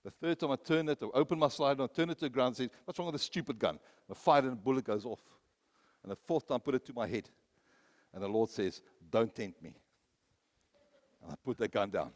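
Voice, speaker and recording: A man preaching a sermon, telling personal stories, rising to loud, emphatic peaks and then dropping low. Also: fast. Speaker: pastor.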